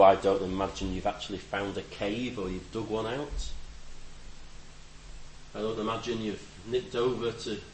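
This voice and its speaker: A man preaching a conversational sermon, reflective with gentle humor and a voice that rises and drops for emphasis. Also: on the low side, roomy sound, a little hiss or hum, low-quality recording.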